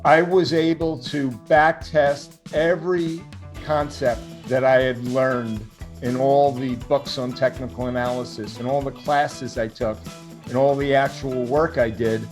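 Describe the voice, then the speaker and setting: New York man with a measured delivery. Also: medium pitch, fairly even intonation, soft background music. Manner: measured, reflective, with hesitant fillers. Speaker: guest, futures fund manager. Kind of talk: casual interview talk. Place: home, remote call.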